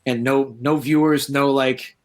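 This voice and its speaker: At a measured pace and medium pitch, this man, a paranormal researcher, recounts stories in a relaxed interview. He brings them to life by acting out the voices of those he's quoting.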